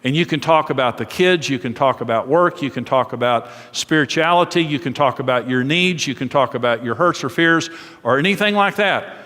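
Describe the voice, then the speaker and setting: A man's voice: a little high, fairly bright tone. Earnest male preacher in a reverberant hall. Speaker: pastor. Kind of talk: sermon on marriage. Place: church sanctuary.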